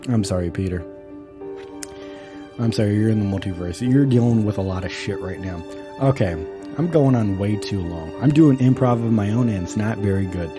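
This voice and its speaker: A man's voice: fairly low pitch, moderate pace, music in the background. A man hosting a solo podcast, talking casually, rambling and swearing a lot with enthusiasm. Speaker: podcast host.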